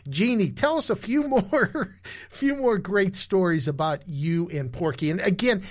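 A man's voice: sits high, expressive, unhurried. A man hosting an oldies radio show, chatting casually with a guest and plugging the program.

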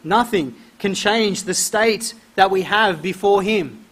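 A man's voice: high-pitched, takes it slowly, a bit bright. A man preaching a sermon, reading scripture aloud and pressing his points with emphatic repetition. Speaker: pastor.

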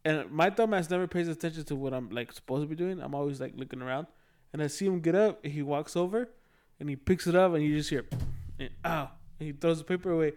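A man's voice: fairly high pitch, quick pace, few pauses, darkish tone. A young man in casual chat, telling a school story full of swearing and laughter.

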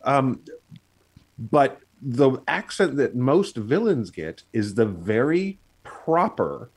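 Man, casual podcast chat, lively up-and-down pitch, fillers, video call. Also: slow, slightly rough. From United States. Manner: animated, explanatory, many fillers and restarts. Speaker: podcast co-host.

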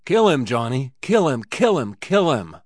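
A rowdy cowboy bellows and eggs on a brawl in a high, strained, loud voice, as a man reading a story puts him on. He sounds rough and heated. The recording is dry and close. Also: expressive, unhurried, no echo, close to an everyday voice. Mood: frenzied yelling. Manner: shouting, urging. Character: rowdy male cowboy yelling at a fight.

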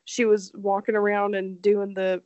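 A woman's voice: medium pitch, level tone, normal speed, a little mellow. A woman co-hosting a casual podcast, cutting in with questions and laughing often. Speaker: podcast co-host. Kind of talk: casual chat.

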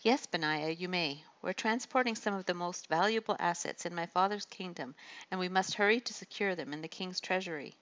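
A woman's voice: fairly low pitch, brisk, fairly bright tone, highs cut off, natural voice. A woman reading an audiobook and voicing a vain, spoiled young prince who whines, preens and pouts. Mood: smug. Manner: whiny, preening, pouting.

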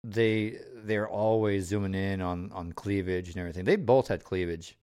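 A man's voice: sits low, moderate pace, darkish tone, clear, resonant tone. A man chatting casually on a podcast, cutting in with wisecracks. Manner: wisecracking, jumps in with jokes. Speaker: podcast co-host. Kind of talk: casual chat.

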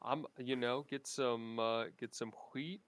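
A man's voice: mid-range voice, fairly even intonation, unhurried, fairly bright tone. A man in a casual group chat speaking in a playful way, with a mock-preachy tone.

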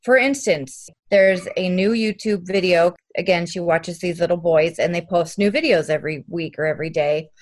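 A woman's voice: lowish voice, normal speed, few pauses. A young woman, a parent, telling detailed stories in an earnest way during an interview. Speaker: parent of an autistic child. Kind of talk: interview conversation.

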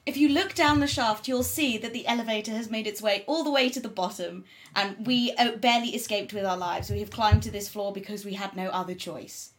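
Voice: mid-range voice, brisk, few pauses, fairly bright tone, natural voice. A woman voicing a charming celebrity adventurer who pleads with guards to hold fire, in her own slightly raised voice. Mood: pleading.

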